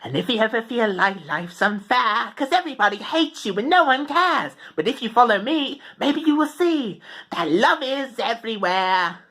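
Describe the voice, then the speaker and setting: A man's voice: very high-pitched, expressive, normal speed, sharp tone, pitched above the performer's own voice, heavily acted. A young man voicing an upbeat, cheerful female puppet character in a sing-song way.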